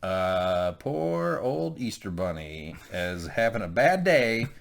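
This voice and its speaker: A man's voice: on the low side, takes it slowly, creaky. A man co-hosting a casual TV episode recap, joking and swearing freely. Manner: joking, profane, animated. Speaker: podcast co-host.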